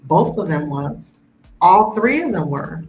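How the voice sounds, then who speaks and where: A woman hosting a live stream, telling a personal story in a lively way and acting out the voices of the people in it. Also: fairly low pitch, unhurried. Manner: animated, acts out the voices in her story. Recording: echoey room with faint music behind.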